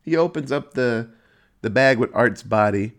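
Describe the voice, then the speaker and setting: A man at a middle pitch, retelling a horror movie plot in a loose, conversational way. He swears freely and tells the story with animated energy, his voice leaping up now and then for emphasis. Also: normal speed. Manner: profane, animated storytelling with sudden pitch jumps. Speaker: movie reviewer. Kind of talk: casual movie recap.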